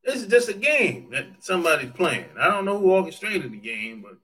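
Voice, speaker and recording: A man's voice: high voice, big pitch swings, a little fast, sharp tone. A man chatting casually on a livestream, joking, swearing freely and laughing often as he answers viewer comments. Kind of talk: casual chat.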